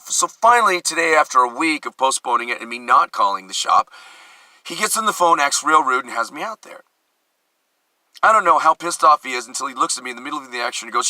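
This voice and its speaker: Vlogger, male, East Coast American accent; nervy, over-caffeinated monologue in a sharp, tense tone, recorded dry and close. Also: medium pitch, animated, no echo, poor audio. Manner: fast, hyped and ranting, with sudden loud bursts. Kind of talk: rambling self-analytic monologue.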